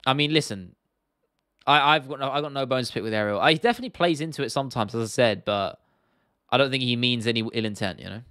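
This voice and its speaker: A man's voice: mid-range voice, fast talker, a bit bright, no echo, studio quality. A man hosting a casual livestream Q&A. He rambles a little and answers viewer questions directly and bluntly. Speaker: host.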